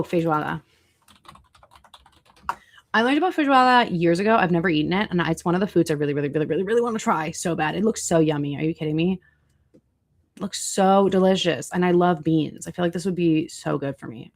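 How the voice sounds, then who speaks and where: Talking fast in a lowish, creaky voice, a woman hosts a laid-back livestream where she chats with viewers, reacts to their comments and looks up foods online.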